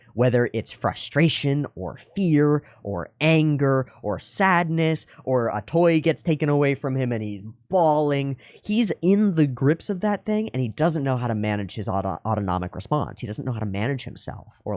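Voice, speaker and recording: A man's voice: mid-range voice, expressive, normal speed, darkish tone, dry recording, studio quality. A man hosting an anime reaction video, thinking aloud in earnest, musing commentary with frequent restarts. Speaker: anime reaction channel host. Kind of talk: reflective commentary.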